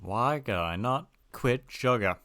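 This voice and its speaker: Male streamer, casual rambling banter, bright tone. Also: medium pitch, lively intonation, takes it slowly. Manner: rambling, self-mocking asides. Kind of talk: casual gameplay chat.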